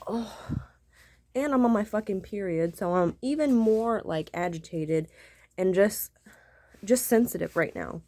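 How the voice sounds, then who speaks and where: A woman's voice: medium pitch, unhurried, dark tone, no room sound. A woman telling a story to her viewers as an angry rant, swearing constantly and repeating herself. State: irritated. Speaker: vlogger.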